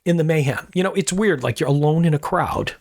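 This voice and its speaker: Middle-aged male podcast host, gravelly, dry close sound, rambling reflective storyteller. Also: on the high side, a little fast, darkish tone, no echo. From Rochester, New York area. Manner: rambling, self-correcting, reflective. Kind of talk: personal storytelling monologue.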